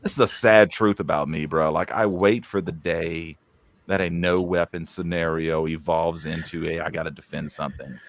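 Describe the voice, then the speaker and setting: A man with a very deep voice talks candidly, as if owning up to something. The sound is dry and close-miked. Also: fairly even intonation, moderate pace, no room sound. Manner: candid, confessional. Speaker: podcast co-host and father. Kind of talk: casual chat.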